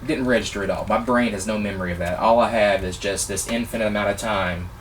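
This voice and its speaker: A man vlogger telling a personal story in a casual, excitable, animated way, gushing like a fan. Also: lowish voice, fast, recorded from a distance, background noise.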